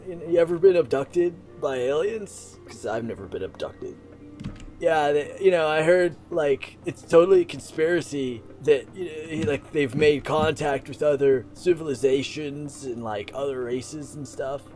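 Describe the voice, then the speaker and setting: A man's voice: fairly high pitch, unhurried, darkish tone, soft background music, natural voice. A man doing a laid-back conspiracy-theorist dude. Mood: rambling. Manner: laid-back, filler-heavy drawl with "like" and "man".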